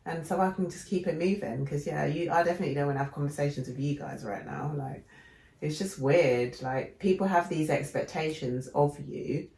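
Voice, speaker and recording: A woman's voice: deep voice, moderate pace, echoey room. A woman co-hosting a podcast, telling stories in casual chat and acting out the voices of people she quotes. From England. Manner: animated storyteller, acts out quoted voices. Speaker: podcast co-host.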